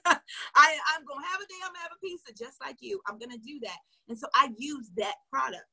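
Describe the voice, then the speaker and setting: A woman sales coach tells a story to her viewers in an animated way, acting out the dialogue and speaking to them directly. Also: sits high, a little fast, gravelly.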